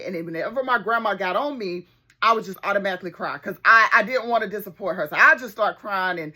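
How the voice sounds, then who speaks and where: A middle-aged woman, telling a childhood story to her viewers in an animated, folksy way. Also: mid-range voice. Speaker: therapist and video host.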